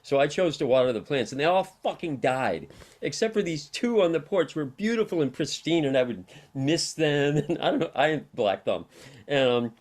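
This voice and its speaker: A middle-aged man who works in harm reduction appears as a guest on an interview show, telling long, wandering personal anecdotes and laughing often. His voice is on the high side and darkish in tone, with lively intonation and a normal pace.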